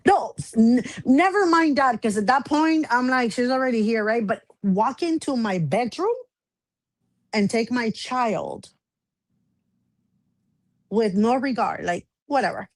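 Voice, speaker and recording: A woman guest telling a personal story in casual chat, animated, acting out the back-and-forth she describes. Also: fairly high pitch, a little slow, pauses often, dry recording. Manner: animated, acts out quoted exchanges.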